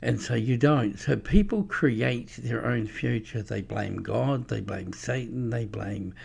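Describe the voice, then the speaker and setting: A man's voice: mid-range voice, slow, darkish tone. A man giving a rambling, preachy religious monologue with anecdotes, many fillers and restarts. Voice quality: gravelly. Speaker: religious speaker.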